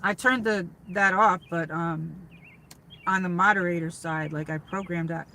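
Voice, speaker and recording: A woman from upstate New York hosts a casual livestream from her car. Her voice is bright and forward, and she rambles along with plenty of fillers and restarts. A faint hum of noise sits behind her. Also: fairly low pitch, fairly even intonation, measured pace, low-quality recording. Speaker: livestream host.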